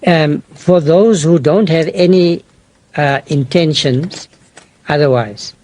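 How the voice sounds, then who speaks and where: A man from South Africa, an official, giving a slow, measured statement with some fillers. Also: on the high side, a little mellow.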